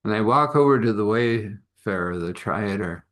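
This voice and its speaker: Man, low voice, casual improvised storyteller, rambling. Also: animated, normal speed, a bit bright. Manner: rambling, loose and conversational with fillers.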